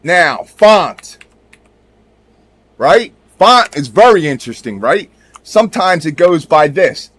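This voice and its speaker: A man's voice: a little high, sing-song, slow, long pauses, fairly bright tone, no room sound. A man giving casual commentary while showing his screen; he talks emphatically, swears now and then, and keeps checking in with his viewers. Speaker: video creator.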